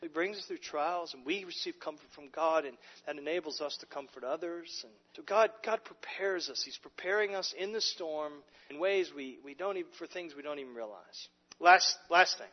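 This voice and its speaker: Pastor preaching in a reverberant hall. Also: male voice, fairly high pitch, moderate pace. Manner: emphatic preaching with frequent repeated words and restarts. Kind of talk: sermon. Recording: muffled audio with long hall reverb.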